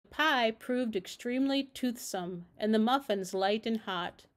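A woman reading a classic children's storybook aloud in a gentle, measured way. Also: on the high side. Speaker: narrator.

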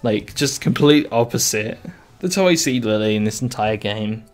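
Faint game music runs underneath as a man streams his gameplay, chatting casually and tossing out crude, sarcastic jokes. His voice is lowish and his pace moderate.

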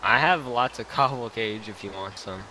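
A man's voice: lowish voice, moderate pace, bright, forceful tone. Male player, casual dry banter, noisy hissing chat recording. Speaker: player on the server. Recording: hissy voice chat.

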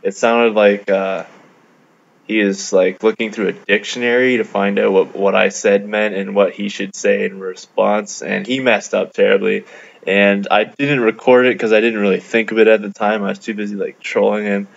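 A man's voice: lowish voice, level tone, normal speed, gravelly. A man from Canada casually recounting a game encounter, laid-back and amused, with lots of fillers. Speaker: gamer narrating a video. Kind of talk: casual storytelling over gameplay. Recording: dull lo-fi mic.

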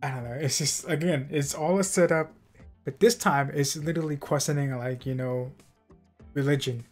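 A man's voice: a little high, fairly even intonation, moderate pace, soft background music. A man co-hosting a reaction show, talking casually and hedging his opinions, often trailing off with "I don't know". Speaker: co-host of a reaction channel.

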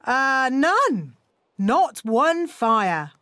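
A woman voicing an eager female rabbit fire chief in a cartoon, speaking brightly in a sing-song way. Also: high voice, big pitch swings, very slow, slight background noise, exaggerated voice.

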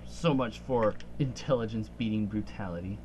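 A man's voice: lowish voice, normal speed, darkish tone, a little hiss or hum, poor audio. A man playing a game on a let's play, chatting playfully and laughing often. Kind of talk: casual gaming chat.

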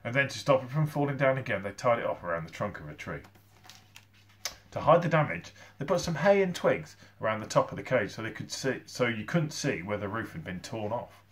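A male teacher reading a children's novel aloud to his class, with expressive storytelling. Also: mid-range voice, a little fast, a little hiss or hum. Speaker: primary school teacher.

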